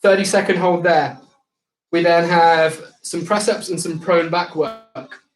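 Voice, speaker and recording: Upbeat fitness coach, echoey room. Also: male voice, on the high side, steady tone, a little slow, faint music behind. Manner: upbeat, instructive cueing with banter. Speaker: fitness instructor. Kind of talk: live online circuit class coaching.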